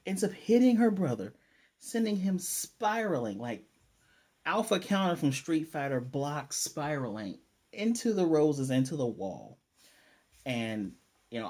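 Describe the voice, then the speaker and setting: A man's voice: mid-range voice, darkish tone. A man giving a casual, rambling recap of an anime episode. He chuckles as he goes and voices the characters' lines in his own voice.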